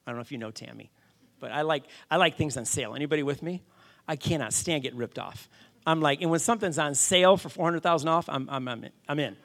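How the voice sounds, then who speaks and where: A middle-aged man preaching, telling a story with animated, self-deprecating asides to his congregation. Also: a little high, quick pace, vocal fry. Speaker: pastor. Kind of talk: storytelling sermon.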